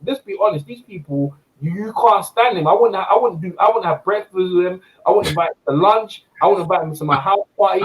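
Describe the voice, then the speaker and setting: A man's voice: high-pitched, rough recording. A man hosting a casual boxing debate, ranting with lots of repeats and asides. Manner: animated, repetitive ranting. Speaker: host.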